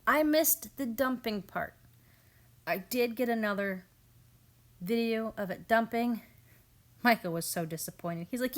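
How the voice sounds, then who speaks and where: A woman's voice: a little high, unhurried, pauses often. Chatty mother narrating her family garden. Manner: chatty, amused, quotes family members. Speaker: family homestead vlogger. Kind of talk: casual voice-over narration of garden video.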